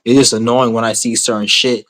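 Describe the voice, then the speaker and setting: A man's voice: medium pitch, little pitch movement, fairly quick, fairly bright tone, low-quality recording. A man ranting to his camera in a blunt, rambling, heavily profane way, repeating himself as he goes. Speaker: vlogger.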